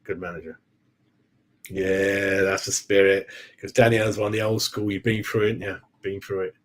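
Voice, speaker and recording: A man's voice: deep voice, level tone, normal speed. A man hosting a casual football fan live stream, rambling and chatty, calling viewers "mate" and forgetting names. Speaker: football fan channel host.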